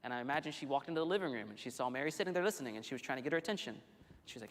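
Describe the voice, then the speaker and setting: A male pastor preaching a sermon in a church, telling the story in an animated, conversational way with frequent restarts. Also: mid-range voice, rapid-fire, a little hiss or hum. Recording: long hall reverb.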